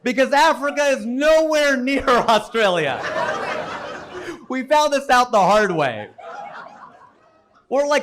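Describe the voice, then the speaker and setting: Animated high-voiced American stand-up comic. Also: male voice, slow, long pauses, crowd noise, noisy background. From United States. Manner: animated, punchy storytelling with big pitch swings. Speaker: stand-up comedian. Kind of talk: stand-up set.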